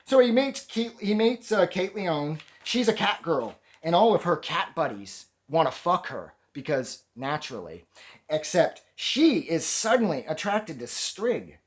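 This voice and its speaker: A man's voice: a little high, measured pace. A man giving a casual, rambling review of a comic book. He swears often and sounds exasperated. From Canada. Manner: animated, rambling, profane, exasperated.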